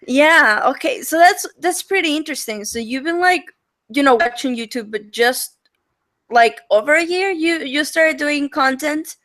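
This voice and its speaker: A bright, fairly high-voiced young woman with a Mexican accent chats on a video call as the host. She talks in an animated way, full of fillers and quick laughs. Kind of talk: casual online chat.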